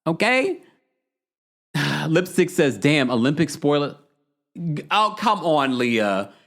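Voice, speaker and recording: A man's voice: fairly high pitch, very animated, slow pace, fairly bright tone. A man hosting a livestream, chatting casually, bluntly ranting and reading viewer comments aloud. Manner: blunt, exasperated rants. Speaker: podcast host.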